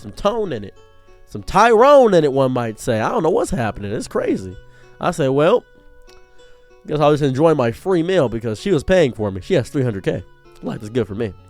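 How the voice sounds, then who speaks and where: A young man tells a comedic personal story in a lively, joking way, his voice sitting a bit high for a man. Soft music plays faintly behind him. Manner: animated, jokey, bursts into higher acted quotes. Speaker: streamer telling a story.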